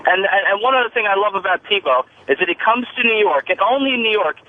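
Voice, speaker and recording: A man's voice: sits high, lively intonation, fast, slight background noise. A man calling in to a radio show, rambling eagerly about sports. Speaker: caller. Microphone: phone line. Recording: tinny phone line.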